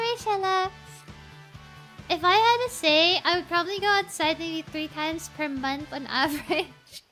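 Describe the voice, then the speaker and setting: A woman with an extremely high-pitched, sharp voice streams a game, chatting casually with her viewers and reacting to both the game and the chat as she plays. Faint game music runs in the background.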